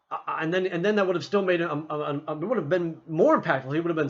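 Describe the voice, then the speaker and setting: A man talking casually about a film he just saw, rambling with lots of restarts and acting out scenes in quick voices. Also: a little high, lo-fi sound. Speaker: movie reviewer.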